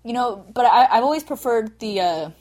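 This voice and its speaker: Lively female co-host, chatty with lots of fillers, home podcast setup. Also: on the high side, moderate pace. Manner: animated, full of fillers and sound effects. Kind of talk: casual chat. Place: small home recording setup.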